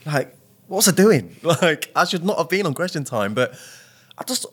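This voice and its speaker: A man, a podcast guest, speaks reflectively and grows animated when he tells stories. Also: a little high, normal speed, husky. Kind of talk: podcast interview.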